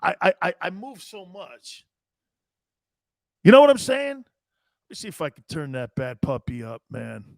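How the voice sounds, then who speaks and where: A man hosting a live sports talk show and reading viewer chat, loud, jokey and profane, laughing often. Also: high voice, vocal fry, dry recording, studio quality. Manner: rapid, excitable banter.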